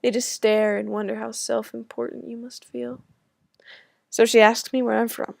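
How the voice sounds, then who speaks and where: A woman's voice: a little high, flat delivery, normal speed, vocal fry, a little mellow, no room sound, studio quality. A young American woman from the States reading her own personal essay aloud with wry, self-mocking humor. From United States. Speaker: student writer.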